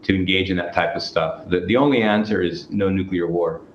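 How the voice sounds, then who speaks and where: A man's voice: low-pitched, fairly quick. A man guesting on a casual political talk show, arguing his points emphatically and swearing now and then. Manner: emphatic, argumentative, profane. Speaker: guest commentator. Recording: echoey, dull, lo-fi, faint background noise.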